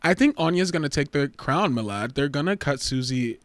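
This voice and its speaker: A man hosting a casual livestream chat, animated, jumping between loud excited outbursts and quieter asides. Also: on the high side, a little fast, no room sound. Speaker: livestream host.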